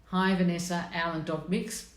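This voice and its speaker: Middle-aged female host, deep voice, casual and frank, live stream from an echoey room. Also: steady tone, normal speed. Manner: chatty, blunt and self-mocking, greets viewers by name.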